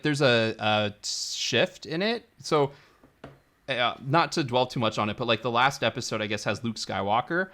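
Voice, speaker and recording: A man's voice: medium pitch, a bit bright. A man co-hosting a podcast, chatting enthusiastically with frequent restarts. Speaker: podcast co-host. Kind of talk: casual chat.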